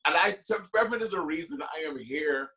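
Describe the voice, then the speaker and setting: Drag performer (man), effusive and talkative panelist, slightly high pitch. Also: animated, a little fast, sharp tone, rough recording. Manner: effusive and chatty, gushing with feeling. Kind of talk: emotional panel storytelling.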